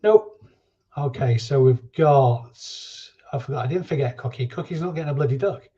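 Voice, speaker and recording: Jokey man with a mellow voice. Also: mid-range voice, moderate pace, dull audio. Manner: chatty and jokey, reading viewer names aloud. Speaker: reseller livestream host. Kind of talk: casual live-stream chat.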